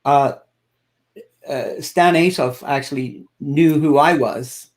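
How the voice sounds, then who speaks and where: A man's voice: fairly high pitch, slow. A middle-aged man from Ireland, a guest singer telling a story in an interview and acting out the people he quotes. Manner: animated storyteller, acts out quoted voices.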